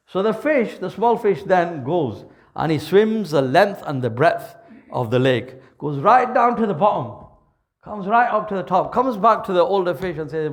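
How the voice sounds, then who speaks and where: A man's voice: high-pitched, animated, normal speed. A man giving a sermon as vivid, dramatic storytelling, mixing in Urdu and Arabic words. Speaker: Islamic preacher.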